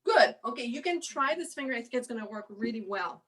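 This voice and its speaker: A woman's voice: fairly high pitch, expressive, brisk, loud music behind the voice, poor audio. A woman teaching viola in a master class, coaching a student with encouraging explanations full of "you know.".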